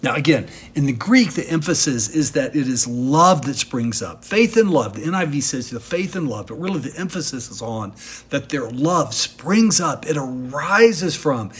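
Husky-voiced man preaching a sermon. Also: fairly high pitch, animated, normal speed, fairly bright tone. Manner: earnest, emphatic preaching with rhetorical questions. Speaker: pastor.

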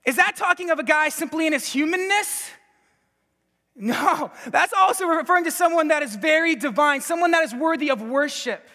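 Male preacher, bright and forceful tone, excitable delivery full of restarts, long hall echo. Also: extremely high pitch, normal speed. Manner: energetic, laughing, stammering restarts. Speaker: pastor and Bible teacher. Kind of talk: sermon.

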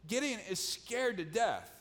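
A man preaching a sermon as pastor, emphatic and repetitive, often dropping to a quiet tone to press a point. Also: high-pitched, expressive, a little slow. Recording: long hall reverb.

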